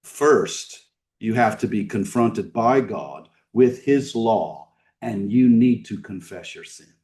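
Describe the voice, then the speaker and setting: A man preaching a sermon in a conversational style, asking his listeners questions and swinging between emphatic and hushed delivery. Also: on the low side, animated, takes it slowly, recorded from a distance. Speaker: pastor. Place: church sanctuary.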